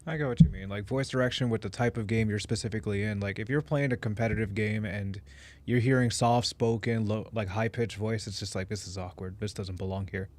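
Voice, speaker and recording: Man, podcast co-host, casual chat, agreeable, relaxed delivery. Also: on the low side, a little fast.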